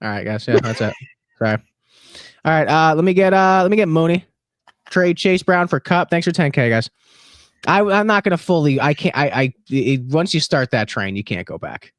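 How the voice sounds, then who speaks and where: A man's voice: fairly high pitch, lively intonation, moderate pace, no echo, clean studio sound. A man co-hosting a live stream in casual banter, joking and teasing. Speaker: stream co-host.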